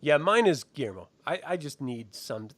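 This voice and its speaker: A man's voice: on the high side, very animated, moderate pace, a bit bright. A man hosting a casual TV review chat, laughing often and swearing freely. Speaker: show host.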